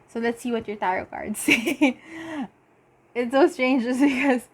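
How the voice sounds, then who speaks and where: Slow, chatty woman. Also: fairly high pitch. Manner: chatty, halting with many fillers, bursts of giddy laughter. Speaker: tarot reader. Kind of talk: casual pick-a-card tarot reading.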